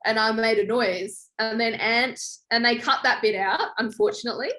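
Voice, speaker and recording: A young woman guest in a podcast interview, telling a story in a lively way and acting out quoted lines. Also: moderate pace. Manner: animated, acts out quoted lines with big pitch jumps. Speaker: guest, former reality show contestant.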